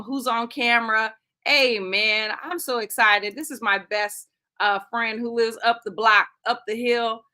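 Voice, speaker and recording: A woman's voice: fairly high pitch, sharp tone. A woman hosting a live radio talk show, playful and joking, laughing often. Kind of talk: lively casual live-stream chat.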